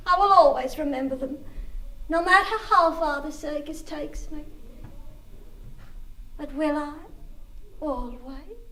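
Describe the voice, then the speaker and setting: A woman's voice: sits high, fairly bright tone, a little hiss or hum, full character voice. A woman playing a lonely little girl lost in the woods, talking to herself in a childish, rambling way and singing a spooky song in a stage monologue. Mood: fretful.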